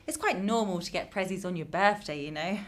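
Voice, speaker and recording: An actress playing a young woman, meek and quiet when she answers the AI and cheerful when she talks to her mother, in a radio drama. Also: fairly low pitch, brisk, lightly acted. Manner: meek with the AI, bubbly with her mum. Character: young woman under an AI's control.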